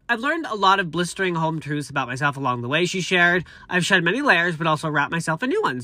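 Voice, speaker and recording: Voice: mid-range voice, pushed and bright, dry recording. A speaker in their thirties reading celebrity news aloud with chatty, gushing side comments. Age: 30s. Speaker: entertainment news vlogger.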